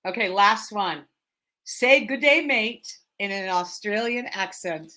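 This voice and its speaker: A woman realtor hosting a casual live stream interview over a video call, chatty and quick to laugh as she fires off questions. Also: medium pitch, bright, forceful tone. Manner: chatty, laughs easily, rapid-fire questions.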